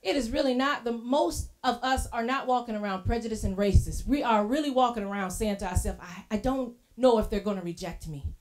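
A woman preaching a sermon in a church, telling lively casual stories and acting out what people said. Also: fairly high pitch, fairly quick, hardly any pauses. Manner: lively storytelling, acting out quoted voices; casual colloquial phrasing.

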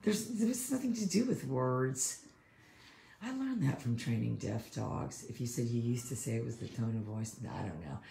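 A very deep, heavily gravelly woman talks casually about training dogs, rambling from one point to the next in a lively, swooping voice. She is recorded in an echoey room with clear background noise. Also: normal speed. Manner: rambling, animated, acts out quoted voices. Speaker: dog trainer. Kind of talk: casual livestream chat.

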